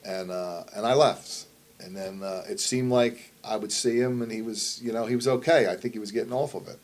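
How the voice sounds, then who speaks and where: A man's voice: lowish voice, brisk, a little mellow. A middle-aged man, a wrestler and promoter, telling a story in a shoot interview. He speaks bluntly, swears constantly and rambles. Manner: blunt, heavily profane, rambling.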